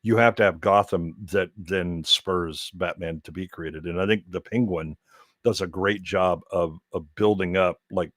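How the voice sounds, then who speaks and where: A man's voice: low voice, steady tone, unhurried, fairly bright tone, dry recording, studio quality. A man chatting casually as a guest, rambling with many restarts and fillers. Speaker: guest co-host. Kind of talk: casual podcast chat.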